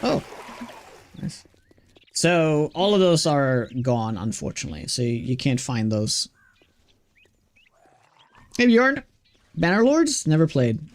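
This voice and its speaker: A man with a fairly high, bouncy voice that swings around a lot. He chats casually with his viewers during a gaming stream and greets and thanks them by name. A faint hiss sits under his voice. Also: sing-song, slow pace, long pauses. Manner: chatty, greets and thanks viewers between game reactions. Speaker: game streamer. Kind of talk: casual live-stream chat while gaming.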